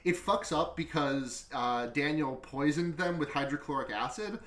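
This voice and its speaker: Guy on a podcast, pretty high voice, cussing and giggling while he retells a movie, kinda echoey. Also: moderate pace. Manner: profane, giggly, animated retelling. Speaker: podcast host. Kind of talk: casual movie recap chat.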